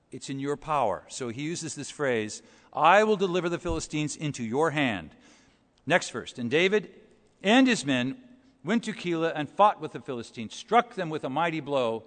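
A man's voice: on the high side, big pitch swings, normal speed, fairly bright tone, big-room sound. A man preaching a sermon, explaining scripture verse by verse in a conversational way with rhetorical questions.

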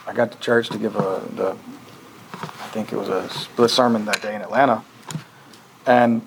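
A man's voice: medium pitch, gravelly, slight background noise, low-quality recording. A man preaching a conversational sermon as pastor, earnest and questioning, often restarting his sentences.

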